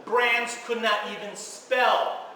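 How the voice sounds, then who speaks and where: A man giving an energetic conference talk to an audience, stressing key words and repeating phrases for effect. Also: extremely high pitch, slow, far from the mic, a little hiss or hum. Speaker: speaker at a social media event. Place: event hall with an audience. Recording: echoey room picked up from afar.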